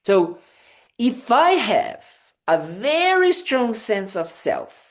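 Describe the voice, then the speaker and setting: With a high-pitched, slightly bright voice and big pitch swings, a Buddhist monk takes it slowly through a casual dharma talk. He stays conversational and playful, using many "you know" fillers and restarts, and mimes little scenes with "da, da, da."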